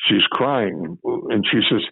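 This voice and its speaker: A man's voice: lowish voice, expressive, takes it slowly, creaky, husky, no echo, narrow, tinny audio. An older man from Chicago, a former police officer telling stories from his career in an interview, rambling and repeating phrases as he remembers. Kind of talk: storytelling interview.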